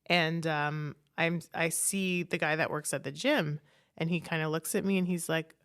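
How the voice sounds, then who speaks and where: Gravelly low-voiced woman telling a candid story. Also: fairly even intonation, moderate pace, fairly bright tone. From Canada. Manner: frank, peppered with "like", swears casually. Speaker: podcast guest.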